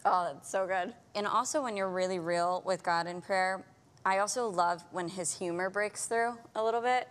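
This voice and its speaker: A woman's voice: mid-range voice, normal speed, clear, resonant tone. Earnest, affirming woman host. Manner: earnest, affirming, laughs easily. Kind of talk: conversational faith discussion.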